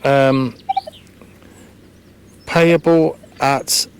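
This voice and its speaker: A man's voice: mid-range voice, steady tone, extremely slow, clear, resonant tone. Chatty man thinking aloud outdoors. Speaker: metal detecting vlogger. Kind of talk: casual commentary to camera. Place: open farm field outdoors.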